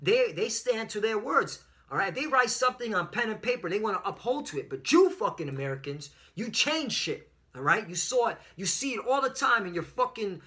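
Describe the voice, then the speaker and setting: A man's voice: sits high, sing-song, brisk, few pauses, pushed and bright. A man preaching a fiery religious commentary lesson with frequent fillers and profanity. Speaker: online preacher.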